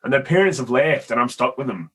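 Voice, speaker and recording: A young man hosting a podcast, telling a story in a casual, animated way with plenty of swearing. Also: mid-range voice, quick pace, husky. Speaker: podcast host. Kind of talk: casual chat.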